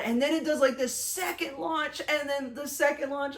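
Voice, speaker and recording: A young woman vlogger casually retelling her day, chatty and animated, with lots of fillers and self-conscious restarts. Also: high-pitched, normal speed. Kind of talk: casual storytelling recap.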